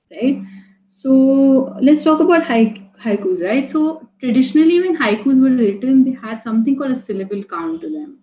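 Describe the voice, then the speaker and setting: A woman leads an online poetry lesson in a loose, chatty way, restarting words and asking "right?" again and again. Her voice is mellow and soft-edged. She sounds like she is in an echoey room. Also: mid-range voice. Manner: chatty, with many fillers and restarts; checks in with "right?" often. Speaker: poetry teacher. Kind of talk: live online class.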